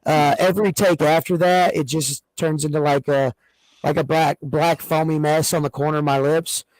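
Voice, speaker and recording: A man co-hosting a casual podcast chat, telling stories in an excitable, rambling way with many restarts. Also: a little high, normal speed, poor audio. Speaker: co-host.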